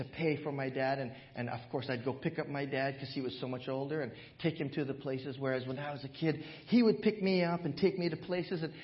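A male pastor telling a personal story in a sermon, animated and often laughing, recorded in a church with dull lo-fi sound. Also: fairly high pitch. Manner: animated, laughs through his stories.

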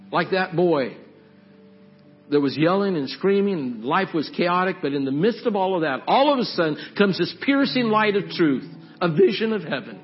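A man's voice: sits high, very animated, normal speed, muffled recording, soft background music. A man preaching as a pastor, earnestly pleading and leading the congregation in prayer during an altar call.

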